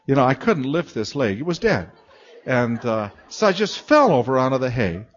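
An older man delivers a storytelling sermon in a chatty, self-mocking way. His voice sits at a middling pitch but leaps around expressively. The recording is a bit dull and lo-fi. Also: very animated, normal speed. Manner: chatty, self-mocking, acts out moans and laughs. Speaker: guest preacher and Bible teacher.

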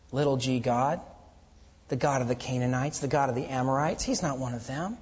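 A man's voice: medium pitch, a little fast, darkish tone, breathy edge. A man preaching a sermon, explaining scripture earnestly and building to emphatic peaks. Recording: long hall reverb.

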